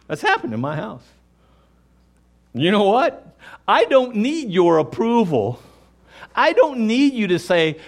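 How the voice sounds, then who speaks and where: A man's voice: high voice, very animated, measured pace, long pauses. A man preaching a sermon, speaking emphatically and addressing the congregation directly, and sometimes acting out quoted voices. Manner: acts out quoted voices in dialogue. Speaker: pastor.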